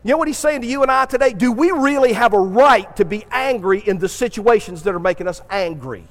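High-voiced preacher man in a reverberant hall. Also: fairly quick. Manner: conversational preaching with repeated restarts, acting out voices. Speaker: pastor. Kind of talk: sermon.

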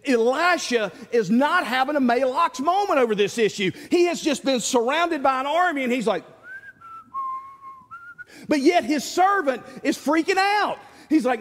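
Male pastor, folksy storyteller, high and lively voice, long hall reverb. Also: normal speed. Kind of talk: sermon.

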